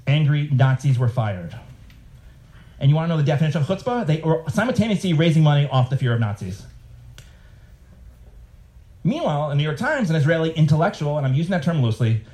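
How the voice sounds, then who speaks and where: A man's voice: a little high, mellow. A man, a cartoonist, giving a live reading of his comics with sarcastic asides and mocking voices.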